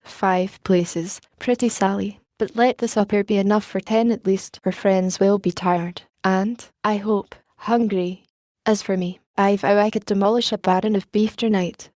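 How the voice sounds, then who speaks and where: A jovial, courtly young English lord greets his guests in an audiobook, voiced by a woman narrator. The voice is mellow and dark. The sound is dry and close. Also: mid-range voice, fairly even intonation, a little slow, dry recording, close to an everyday voice.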